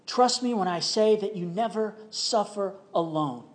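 A man's voice: high voice, measured pace, voice pushed up. A man voicing God as a tender, reassuring father speaking to a hurting child. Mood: tender reassurance. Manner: gentle, reassuring.

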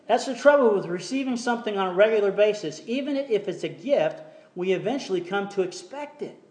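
A man preaching a sermon in a church, reading scripture slowly and telling a story between verses, sometimes dropping almost to a whisper. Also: high voice, a little mellow. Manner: reads scripture slowly, tells jokes, drops to near whisper. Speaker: pastor. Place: church sanctuary.

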